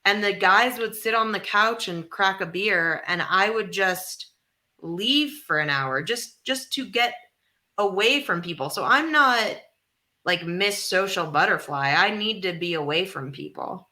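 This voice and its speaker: A woman co-hosting a comedy podcast, chatting casually in an animated, teasing way. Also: medium pitch, unhurried. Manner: animated, teasing, talks through her feelings. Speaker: podcast co-host.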